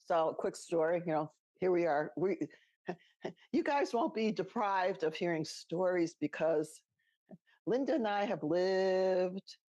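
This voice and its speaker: A middle-aged woman with a lowish voice, co-hosting and telling a personal story. She is chatty and laughs as she talks. She acts out the lines of people she quotes. The recording is dry and close. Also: lively intonation, measured pace, warm tone, dry recording, muffled recording. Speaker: podcast co-host. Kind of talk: casual storytelling chat.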